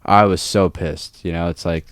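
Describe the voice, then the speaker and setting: A young man with a deep voice co-hosts a podcast, telling a work story at normal speed with no echo. He swears freely in casual chat and acts out the quotes in animated, profane fashion.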